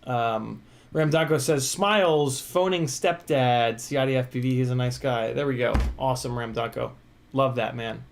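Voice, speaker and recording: A man's voice: medium pitch, normal speed, gravelly, a little hiss or hum. Earnest man reading stream chat aloud. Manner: earnest, encouraging, many fillers. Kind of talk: casual live-stream chat.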